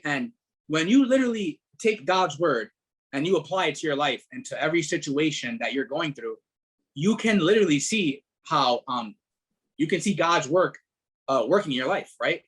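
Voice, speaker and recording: A middle-aged man, a podcast guest telling his story in a casual, animated way, repeating words and leaning on fillers. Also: a little high, normal speed, husky. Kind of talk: casual testimony.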